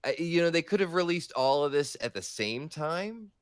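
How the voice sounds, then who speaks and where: A man's voice: a little high, lively intonation, moderate pace, smooth, dry recording, studio quality. A man speaking as a guest on a gaming podcast in casual chat, hesitant and restarting often.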